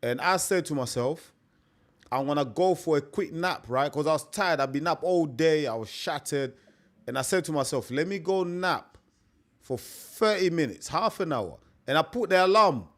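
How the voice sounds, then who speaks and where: Chatty man with a higher voice. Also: animated, normal speed, a bit bright. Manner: chatty, repetitive, peppers talk with "mate". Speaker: live stream host. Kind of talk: casual live-stream chat.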